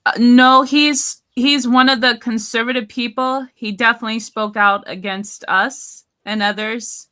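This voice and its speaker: A woman's voice: a little high, fairly even intonation, unhurried, sharp tone. A woman in casual chat, explaining things in a matter-of-fact way.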